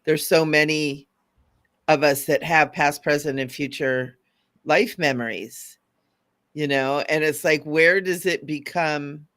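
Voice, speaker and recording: A woman co-hosting a casual spiritual talk show as a mystic, speaking with enthusiasm, agreeing warmly and often checking for agreement. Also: low voice, slow pace. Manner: enthusiastic and affirming, asks for agreement. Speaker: mystic co-host.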